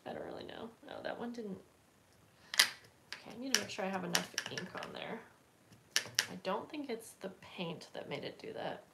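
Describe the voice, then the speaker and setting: A woman's voice: medium pitch, moderate pace, creaky, pauses often, very noisy. A woman hosting a casual craft livestream, chatting and rambling with lots of fillers while she stamps and works at her table. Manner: chatty, rambling, many fillers and self-corrections.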